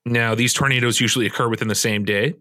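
A man co-hosting a casual podcast chat, talking in a relaxed, joking way. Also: mid-range voice, fast talker, no room sound, studio quality. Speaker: podcast co-host.

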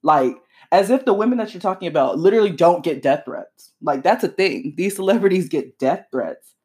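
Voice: medium pitch, animated, a little mellow. Sarcastic pop culture commentator reading a post aloud, cutting in with laughing asides. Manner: sarcastic, laughs often, breaks in with quick asides.

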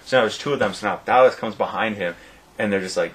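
A man's voice: on the low side, fast talker, a bit bright, husky, rough recording. A man casually telling a long, rambling story with lots of fillers, in a chat between friends.

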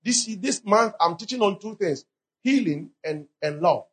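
A man preaching a fervent sermon in short phrases, pausing after each one for an interpreter. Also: high voice, lively intonation, slightly rough. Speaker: pastor.

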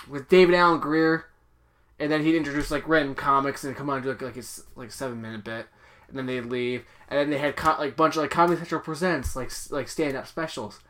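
Rambling guy with a bright voice. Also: fairly high pitch, fairly even intonation, fairly quick. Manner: rambling, heavy on "like", swears, acts out quotes. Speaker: podcast co-host. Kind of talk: casual movie chat.

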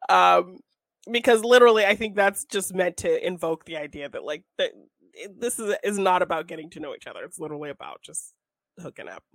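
A woman's voice: fairly low pitch, lively intonation, a little fast, vocal fry, a bit bright, no echo. A young woman co-hosting a casual film chat, talkative, laughing often and acting out scenes in quoted voices. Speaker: podcast co-host reviewing a film.

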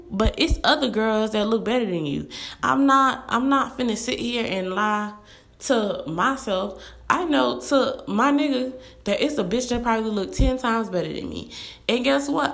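A young woman, ranting bluntly and animatedly in a casual monologue to camera. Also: on the high side. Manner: animated, blunt, fast-talking with quoted asides.

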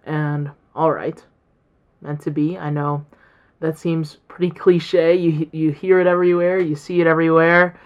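A woman's voice: low-pitched, level tone, moderate pace, muffled recording. A young woman in college hosting her own podcast, talking in a rambling, reflective way with many fillers and restarts. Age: young adult. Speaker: podcast host. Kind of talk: casual solo podcast talk.

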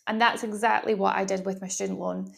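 A young Scottish woman from Glasgow whose mild Glaswegian accent colours her vowels. She talks in a loose, chatty podcast monologue, circling back and restarting her sentences as she goes. Her pitch sits in an ordinary middle range for a woman. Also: flat delivery, a little fast, creaky. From Glasgow, Scotland. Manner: rambling, chatty, with frequent laughs and restarts. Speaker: podcast host.

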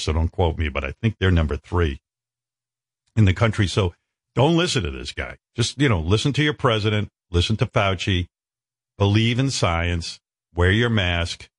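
A man hosting a talk radio show, his voice low but swooping all over as he riffs. He piles on sarcastic, profane exaggerations in casual banter. The sound is dry and close, with no room around it. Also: no room sound. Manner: animated, sarcastic, profane riffing.

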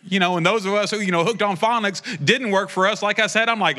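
High, bright-voiced fervent preacher man. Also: expressive, racing, few pauses. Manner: impassioned, joking asides, rising to a fervent pitch. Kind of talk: prophetic sermon.

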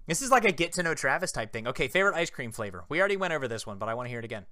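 A man in his thirties co-hosting a podcast, chatting casually and quizzing his co-host with teasing rapid-fire questions. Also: medium pitch, big pitch swings, sharp tone, no room sound, clean studio sound. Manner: playful, teasing quizmaster. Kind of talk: casual chat.

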